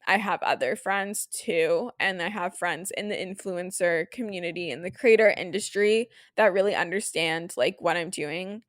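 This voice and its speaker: A woman's voice: on the low side, normal speed, few pauses, dry recording. Young canadian woman teary on her podcast, gushy, says like a lot, dry close sound. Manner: emotional, gushing, lots of "like" and "um". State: teary, near crying. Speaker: podcast host. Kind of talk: casual solo podcast chat.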